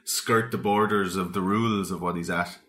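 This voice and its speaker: Low-voiced man in casual chat. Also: moderate pace. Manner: animated storyteller, acts out quotes. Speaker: podcast co-host.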